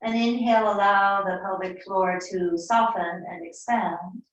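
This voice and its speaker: A woman yoga teacher giving slow, soothing, unhurried cues in a live class. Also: medium pitch, fairly even intonation, lo-fi sound. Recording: echoey room, mic far off.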